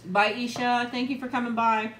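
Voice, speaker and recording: A woman's voice: on the high side, level tone, normal speed, fairly bright tone, reverberant, a little hiss or hum. A middle-aged woman chatting casually on a live eating stream, greeting viewers by name and laughing often. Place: room at home. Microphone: new external mic, close.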